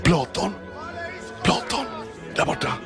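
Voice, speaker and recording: An actor playing an excited, admiring male philosophy teacher who guides a girl through a film scene, talking in eager bursts. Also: measured pace, lightly acted. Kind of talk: film dialogue. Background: music.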